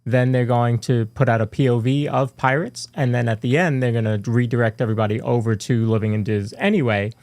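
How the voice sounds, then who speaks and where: A man with a gravelly, creaky voice co-hosts a live fan podcast. he rambles casually through announcements, full of fillers and restarts. the sound is dry and close, with no room in it. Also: mid-range voice, steady tone, brisk, few pauses, darkish tone, no echo. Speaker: podcast co-host.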